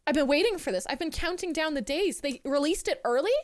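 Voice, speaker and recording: A woman streamer chatting casually with her live chat, excitable and giggly, swearing freely. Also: high voice, fast, no room sound, studio quality. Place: home streaming room.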